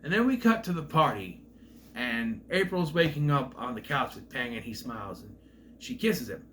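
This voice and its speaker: A man giving a casual, rambling recap of a film's plot, with restarts and asides, who sometimes acts out characters' lines in loud voices. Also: medium pitch, animated, moderate pace, a little hiss or hum. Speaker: film reviewer.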